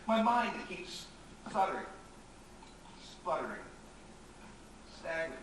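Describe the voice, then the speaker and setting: An actor on a theatre stage playing an anxious, rambling, self-mocking middle-aged writer, recorded from far off in an echoey, noisy hall. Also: male voice, fairly high pitch, very animated, slow pace. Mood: frazzled. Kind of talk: live stage acting. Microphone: distant room mic.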